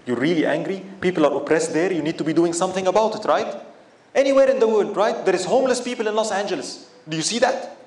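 A man's voice: high voice, quick pace, a little mellow. Impassioned male lecturer in echoey room. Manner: impassioned, rhetorical questions, rising to emphatic outbursts. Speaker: Islamic lecturer. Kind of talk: religious lecture to an audience. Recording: echoey room with faint background noise.

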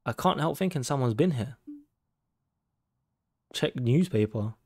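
A man with a gravelly, fry-edged voice of middling pitch talks through a horror game for his channel. He curses constantly, startles easily and reads the on-screen text aloud between reactions. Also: expressive, measured pace, a little mellow, no echo. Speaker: gaming YouTuber. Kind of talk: horror game let's play commentary.

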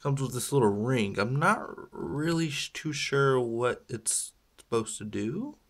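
This toy unboxing vlogger speaks in a mid-range voice, animated yet at a measured pace. As he tears into the packs on camera, he chats and rambles, making self-deprecating jokes punctuated by little laughs.

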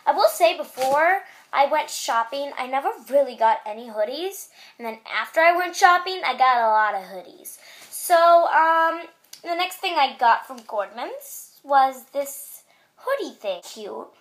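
A woman's voice: high-pitched, lively intonation, a little slow. A teenage girl hosting a clothing haul video, chatty and self-mocking with joking asides. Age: teens. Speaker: vlogger.

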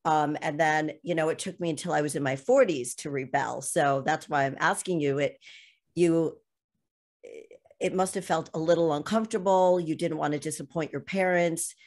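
Woman, middle-aged, podcast host, very low voice, empathetic questioning. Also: normal speed. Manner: empathetic, relates her own experience. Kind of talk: interview questions.

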